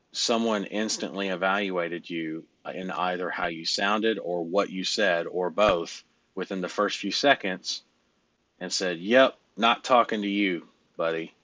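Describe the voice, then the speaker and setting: Male business coach, low voice, blunt and joking, dry close recording. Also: bright, forceful tone, dry recording, dull audio. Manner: blunt, joking, swears casually. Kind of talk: casual coaching call.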